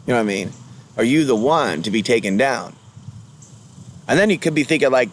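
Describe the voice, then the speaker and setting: A man's voice: mid-range voice, expressive, brisk, a bit bright, slight background noise. A man rambling through a casual vlog monologue, jumping between topics with mocking sing-song asides. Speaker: vlogger.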